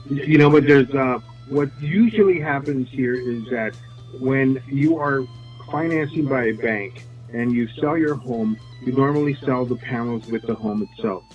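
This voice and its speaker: A man working as a solar sales representative, explaining his offers in casual interview talk, halting with many fillers and restarts. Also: mid-range voice, dull audio, faint music behind.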